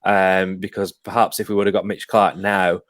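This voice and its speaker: A man with a low voice hosts a relaxed sports chat show. He talks in a hesitant way, full of ums and restarts, and reads viewer comments aloud. The recording is dry and close, with little room sound. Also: normal speed, dry recording. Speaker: podcast host.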